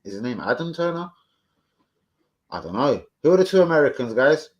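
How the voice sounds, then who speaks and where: A man's voice: medium pitch, sing-song, brisk, lo-fi sound. A man hosting a fan live stream, chatting casually, swearing freely and answering viewers off the cuff. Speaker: fan channel host.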